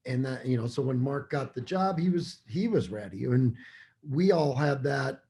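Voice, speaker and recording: Middle-aged male coach with a warm, dark voice; earnest and explanatory. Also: mid-range voice, animated, moderate pace. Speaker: basketball coach guest. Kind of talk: podcast conversation.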